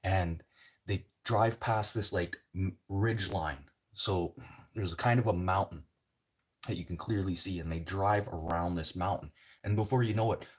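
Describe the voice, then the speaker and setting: A man's voice: low-pitched, a little slow, breathy edge. A man, a livestreamer chatting with viewers and rambling through stories with lots of swearing. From Canada. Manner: profane, rambling storyteller. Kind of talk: casual chat with viewers.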